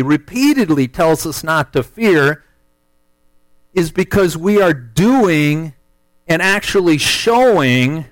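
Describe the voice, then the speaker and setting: A man, telling a hunting story in a folksy, animated way as part of a sermon. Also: sits high, no echo, rough recording. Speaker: speaker telling a testimony.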